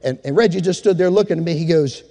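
Preacher guy, high voice, telling a story then getting all fired up, big echoey church. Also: fast. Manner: animated preacher, rises to fervent exhortation. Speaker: pastor. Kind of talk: sermon with storytelling.

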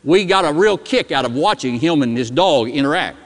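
A middle-aged pastor preaching a sermon and telling a story, dropping his voice low and soft for key words. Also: lively intonation, brisk. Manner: storytelling preacher, dramatic drops in pitch and volume. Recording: long hall reverb.

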